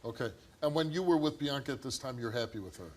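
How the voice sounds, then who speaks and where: Direct middle-aged talk show host. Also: male voice, mid-range voice, expressive, fast, slight background noise. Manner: direct, probing questions. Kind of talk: interviewing guests. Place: television studio.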